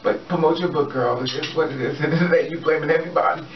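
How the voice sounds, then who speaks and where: A man's voice: fairly high pitch, fast, a little hiss or hum. A man giving a casual, sassy opinion rant to camera as a vlogger, talking straight at the person he criticizes. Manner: sassy, animated, addresses the subject directly. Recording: roomy, muffled, slightly distant mic.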